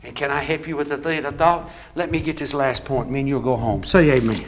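A man preaching a sermon with call-and-response that builds into shouting. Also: mid-range voice, fairly quick.

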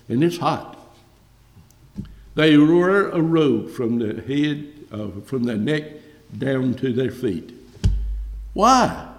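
A man preaching a sermon with passion, surging loud and high, then dropping low. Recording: echoey hall reverb.

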